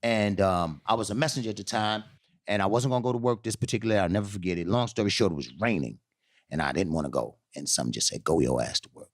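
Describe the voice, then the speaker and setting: A man's voice: on the low side, fast, no echo, clean studio sound. A middle-aged man telling a long story in a casual chat, acting out the voices of the people in it and laughing often. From New York. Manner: animated, acts out quoted voices, laughs often. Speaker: guest storyteller.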